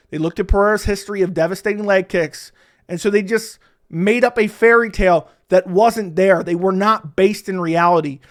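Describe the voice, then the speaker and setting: A man's voice: high-pitched, a bit bright. A man giving heated, opinionated solo commentary on a fight card, ranting about the broadcasters. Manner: heated, ranting, mocks others in whiny voices. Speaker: MMA commentator.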